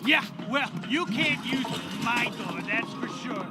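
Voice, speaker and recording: A high, self-satisfied voice for a cocky blue alien. He boasts with lazy smugness. Game music plays clearly behind. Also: animated, slow, exaggerated voice. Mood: smug. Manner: smug, boastful. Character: vain blue alien man, cocky show-off.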